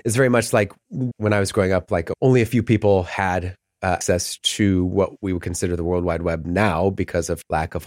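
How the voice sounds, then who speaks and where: A man's voice: low-pitched, darkish tone, dry recording, studio quality. A middle-aged man talking as a podcast guest in casual, rambling chat, often laughing mid-sentence.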